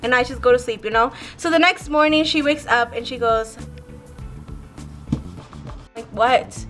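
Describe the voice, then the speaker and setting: A young woman rambles through a story for her vlog, swearing freely and filling every gap with "like". Her voice sits high and sounds bright and sharp, with soft music faintly underneath. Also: normal speed. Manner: rambling, profane, heavy use of "like". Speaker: vlogger.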